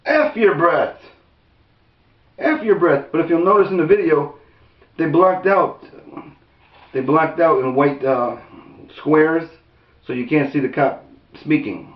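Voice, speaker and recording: A man's voice: on the high side, a little slow, pauses often, far from the mic. An indignant man delivers an unscripted, rambling rant with plenty of restarts, and his voice climbs when he quotes others. He sits back from the mic in a roomy space. The sound is dull and lo-fi. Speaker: video commentator. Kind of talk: angry unscripted commentary.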